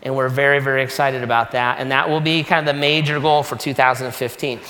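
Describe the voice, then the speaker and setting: A man's voice: medium pitch, fairly even intonation, quick pace, bright, forceful tone. A man preaching as a pastor, casual and joking in a conversational sermon style. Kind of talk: sermon announcements. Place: church sanctuary. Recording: long hall reverb.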